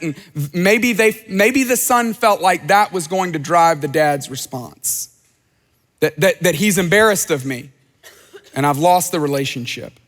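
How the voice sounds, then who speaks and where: A man preaches a sermon with earnest conviction, acting out the words of the people he quotes. His voice sits high for a man. A long reverb trails behind him, as in a large church. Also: fairly bright tone. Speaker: pastor.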